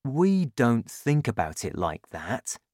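Gentle patient dad read by the narrator, slow and lilting, dry close sound. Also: mid-range voice, very animated, dry recording. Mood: calm, earnest. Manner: slow, measured storytelling delivery. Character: patient, gentle adult father. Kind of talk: audiobook reading.

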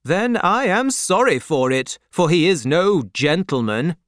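A man voicing a pompous gentleman who speaks with haughty emphasis. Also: on the high side, sing-song, unhurried, no echo, studio quality, pitched above the performer's own voice. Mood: disdainful.

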